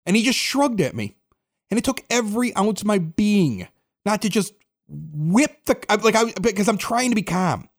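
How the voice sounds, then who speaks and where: A man hosting a podcast, telling stories in an excitable, animated way and acting out both sides of conversations. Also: sits high, normal speed. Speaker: podcast host. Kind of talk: casual storytelling chat.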